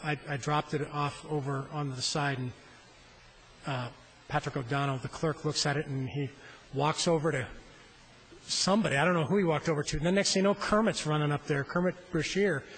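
A man's voice: on the high side, fairly even intonation, brisk, fairly bright tone, a little hiss or hum, rough recording. A middle-aged man, a state senator, giving a floor speech in a legislative chamber at a floor microphone, telling a rambling, self-deprecating story.

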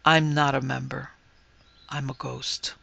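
A man's voice: medium pitch, flat delivery, takes it slowly, vocal fry, sharp tone, no room sound, exaggerated voice. A man voicing a timid, awkward young male ghost who speaks meekly and apologetically. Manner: meek, apologetic, subdued.

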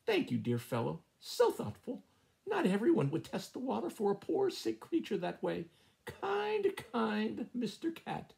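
A man voicing a scheming old hen who fakes being sick, in a high, croaky, fussy voice. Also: wildly swooping pitch, a little slow, a little mellow, exaggerated voice. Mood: sweetly mocking. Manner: sugary, fussy.

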